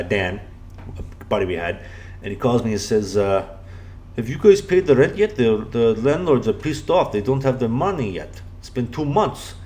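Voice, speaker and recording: A young man, a podcast co-host and pro hockey goalie, telling rambling stories in casual chat, full of "you know" and restarts. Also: fairly low pitch.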